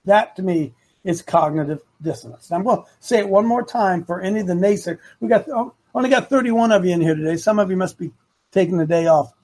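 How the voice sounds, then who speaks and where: A man's voice: high-pitched, quick pace, a little mellow. A man hosting a live opinion talk show, rambling and repeating himself for emphasis while talking to his producer and the chat.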